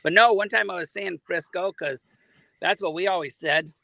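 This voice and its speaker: A man's voice: high voice, moderate pace, vocal fry, bright, forceful tone, dry recording, low-quality recording. A man from Northern California telling a rambling, self-deprecating story in a casual chat.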